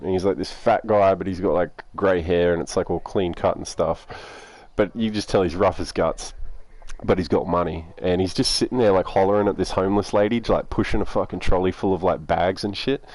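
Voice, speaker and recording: A man's voice: sits low, steady tone, fairly quick, darkish tone. A young Australian man telling a rambling story in a casual, laid-back way, swearing constantly.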